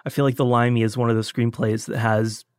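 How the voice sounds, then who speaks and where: A man's voice: medium pitch, flat delivery, quick pace, darkish tone, clean tone, dry recording, clean studio sound. A man co-hosting a casual film podcast, agreeing often and talking in loose phrases full of fillers.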